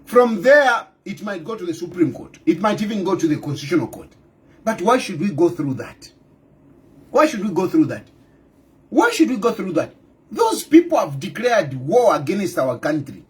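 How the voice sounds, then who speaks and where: Middle-aged Zambian male politician, very high and swooping voice, hammers rhetorical questions, bursts into shouts. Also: very animated, moderate pace. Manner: breaks into loud outbursts. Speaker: opposition party leader. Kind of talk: impassioned political monologue.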